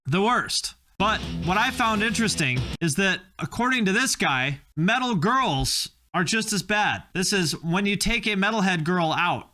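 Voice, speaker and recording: A man with a high, bright voice gives casual reaction commentary. He sounds opinionated and wry and often pokes fun at himself. His talk stays loose and conversational. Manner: opinionated, wry, self-mocking. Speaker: host reacting to video clips.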